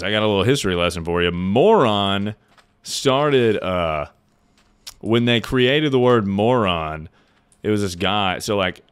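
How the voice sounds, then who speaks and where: Chatting loosely with his stream audience, this young gamer reads their messages aloud, cracking jokes and cursing. His voice is deep, and the sound is clean.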